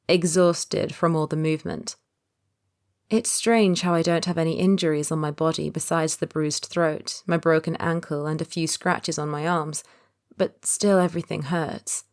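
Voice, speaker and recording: A woman narrating a romance audiobook in the first person, in a calm, measured read. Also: on the low side.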